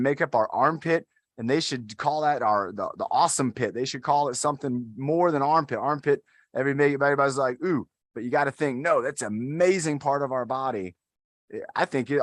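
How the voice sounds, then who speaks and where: This fairly high-pitched man is instructing an adaptive fitness class, cheerfully encouraging everyone and counting down each hold as he guides the workout. The studio sound is clean, with no echo.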